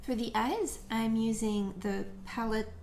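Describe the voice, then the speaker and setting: A woman chatting casually while doing her makeup, telling a story with jokes and animated retelling. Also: on the high side, measured pace, a little hiss or hum. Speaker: beauty vlogger. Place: at home, living room.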